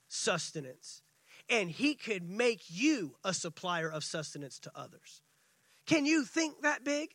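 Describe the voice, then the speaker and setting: A man preaching a sermon. He acts out the scripture dialogue and swings between excited, quick bursts and hushed, drawn-out lines. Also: very high voice, no echo. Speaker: pastor.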